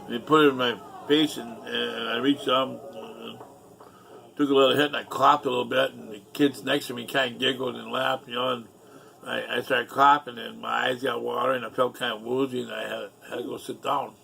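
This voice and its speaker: A man's voice: mid-range voice, flat delivery, fairly quick, gravelly, pushed and bright. A middle-aged man telling a rambling personal story in a casual, profane, aggrieved way.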